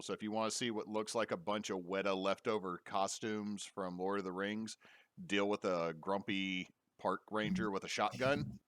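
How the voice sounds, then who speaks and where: A man's voice: on the low side, fairly bright tone, no echo, clean studio sound. A young adult man talking casually from home over a call mic, recommending films with enthusiastic jokes. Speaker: podcast co-host. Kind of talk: casual chat. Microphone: remote call mic.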